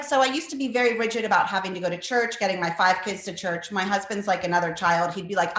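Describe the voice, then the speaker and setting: A woman's voice: medium pitch, fairly bright tone. Chatty middle-aged woman in echoey room. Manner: rambling, chatty, many fillers. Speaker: cookbook author guest. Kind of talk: conversational interview answers.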